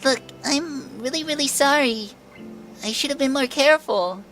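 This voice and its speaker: A man doing a chirpy high-voiced schoolgirl. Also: normal speed, bright, forceful tone, soft background music. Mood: apologetic. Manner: chirpy, pleading falsetto. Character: peppy athletic teenage schoolgirl, eager, apologetic.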